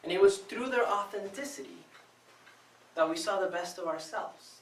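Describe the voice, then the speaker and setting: A man from Venezuela giving a prepared contest speech to a live audience, telling his story with expressive, dramatic pauses. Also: high-pitched. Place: club meeting room before a live audience. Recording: echoey room, distant mic, faint noise.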